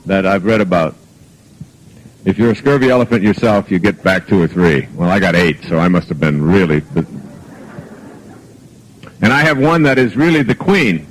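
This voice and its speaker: A man's voice: sits low, lively intonation, moderate pace, pauses often, rough recording. A middle-aged man delivers a self-help talk to a live audience. He tells jokey personal anecdotes and acts out the lines of the people in them. The sound comes from an old archive recording.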